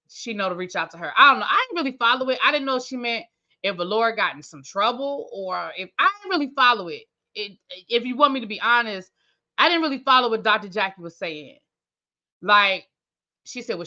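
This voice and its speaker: A woman's voice: fairly high pitch, pushed and bright, lo-fi sound. A woman hosting a TV review channel, recapping an episode in casual chat, thinking aloud and talking straight to her viewers. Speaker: TV review host.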